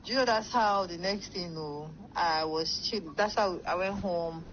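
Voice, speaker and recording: A young woman with a fairly low, slightly bright voice rambles through a casual story at a measured pace, packed with fillers like "like" and "blah, blah." The lo-fi recording sounds dull with faint noise.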